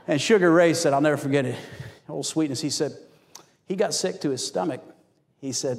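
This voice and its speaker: A man preaching a sermon as pastor, telling stories with animated acted-out quotes. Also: on the high side, fast, creaky. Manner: animated storytelling, acts out quotes. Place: church hall. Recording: long hall reverb.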